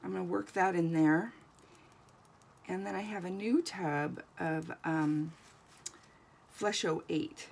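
A woman's voice: fairly low pitch, slow pace, vocal fry, long pauses, darkish tone, husky. A woman giving a chatty, encouraging crafting tutorial as a doll artist, thinking aloud as she works.

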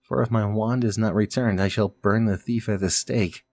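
A man's voice: on the low side, steady tone, normal speed, darkish tone. A man reading the lines of a stern little girl witch from a game aloud, who threatens punishment in his own plain voice.

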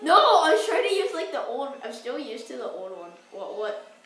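A woman's voice: sits high, normal speed. Young girl playing a racing game, voice jumps all over, super echoey room, far from mic. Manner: lively, swings from excited yelps to mumbled asides. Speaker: co-player. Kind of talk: casual gaming chat.

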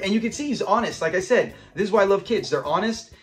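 A young man hosts a casual episode breakdown, talking in a fairly high voice. He retells scenes with real enthusiasm and laughs along. Faint music sits underneath. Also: quick pace, hardly any pauses. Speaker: host of a classic TV episode breakdown channel.

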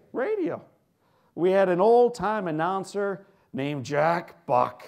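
An American man giving an inspirational storytelling speech, swinging between loud emphasis and hushed asides and asking the audience questions. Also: mid-range voice. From United States. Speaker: motivational keynote speaker.

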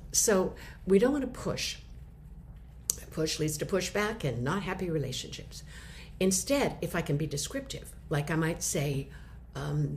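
Middle-aged woman, lower voice, friendly explainer type for a teaching talk. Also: expressive, unhurried, a little mellow, a little hiss or hum. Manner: conversational, explains with short acted examples. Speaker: communication teacher. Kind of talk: instructional talk to camera.

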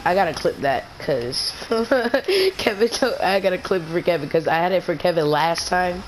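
A teenage boy chatting with friends over voice chat while playing an online game, excitable and prone to voice cracks when he yells. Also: a little high, a little fast, slight background noise, low-quality recording. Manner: excitable, shouts during fights, voice cracks upward. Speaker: gamer streaming with friends. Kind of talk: casual voice chat while gaming.

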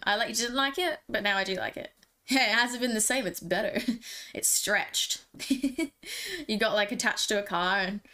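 A woman's voice: fairly high pitch, sharp tone. A young woman streamer chatting casually and jokily with her viewers. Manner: chatty, giggly, jokey. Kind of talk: casual live-stream chat.

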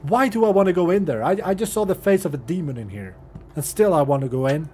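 A man's voice: fairly high pitch, animated, fast talker, mellow, slight background noise. A young man who is not a native English speaker, casually commentating a horror game, joking and swearing and talking to the characters on screen. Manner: profane, jokey, talks to the game characters. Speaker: gaming channel host. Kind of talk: casual let's-play commentary.

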